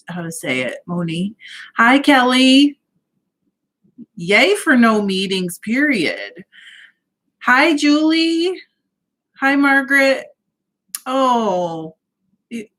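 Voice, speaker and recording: A woman's voice: fairly high pitch, fairly bright tone. Cheerful woman greeting livestream viewers. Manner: cheerful, greets viewers by name, laughs often. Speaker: livestream host. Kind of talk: casual livestream chat, reading out comments. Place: home.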